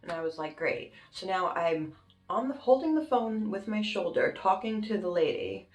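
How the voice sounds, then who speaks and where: A young woman telling a story on her vlog in a casual, animated, dramatic way, with plenty of swearing. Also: mid-range voice, moderate pace. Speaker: YouTuber. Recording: roomy with faint music.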